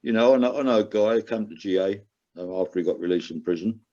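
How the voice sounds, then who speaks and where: An older man with a low, mellow voice speaks earnestly and with feeling, his pitch jumping up when he drives a point home. The recording sounds dull and lo-fi. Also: fast talker. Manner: earnest, emotional, rises sharply when stressing a point. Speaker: guest, recovering gambler. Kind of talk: candid personal storytelling.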